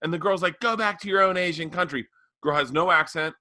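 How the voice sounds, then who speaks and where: A man's voice: a little high, fairly quick, bright, forceful tone, no echo. A man co-hosting a podcast, telling stories in casual chat, emphatic and profane. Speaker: podcast co-host.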